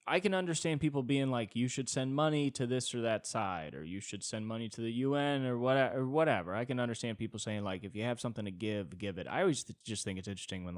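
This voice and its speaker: A tired, yawning man from the Southern California suburbs rambles through a solo podcast, mocking himself and swearing as he acts out other people. His voice sits fairly low but swings widely in pitch. It is recorded dry, close to the mic, with no room sound. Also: no room sound. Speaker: podcast host.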